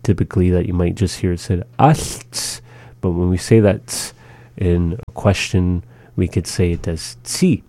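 A man leads a radio language lesson, calmly repeating phrases for listeners to copy. His voice sits very low and mellow, and he takes his time with each word. The sound is dry and close. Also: no echo. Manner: slow, patient, repeats phrases for learners. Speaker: language teacher.

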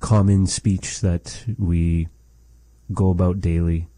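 Slow, deep-voiced man teaching. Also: flat delivery, warm tone, no echo. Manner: thoughtful, hesitant, searches for words. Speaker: language teacher. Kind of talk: explaining language lesson.

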